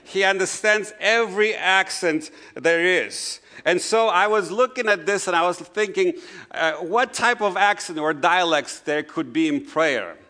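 A middle-aged male pastor with a non-native English accent preaches a conversational sermon, dropping frequent "you know" asides. His voice sits high and sounds bright and forceful, at a measured pace.

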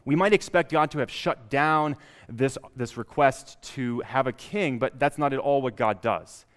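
A man's voice: mid-range voice, unhurried, clean tone. A man preaching a sermon, reading scripture aloud and building up emphasis on key lines. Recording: long reverb of a hall.

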